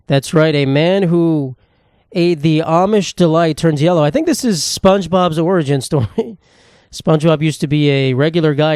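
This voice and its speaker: A young man riffing through a solo podcast in a quick, rambling, profane way. His voice sits a bit high for a man, and the sound is dry and close, with no room echo. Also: darkish tone. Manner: rambling, profane, jokey, fast-talking. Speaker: podcast host. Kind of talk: casual solo podcast rant.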